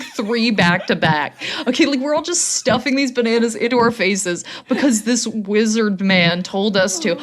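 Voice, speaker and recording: Animated young woman telling a funny story. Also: high-pitched. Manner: animated, fast, laughs through the story. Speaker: podcast co-host. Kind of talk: casual comedic storytelling.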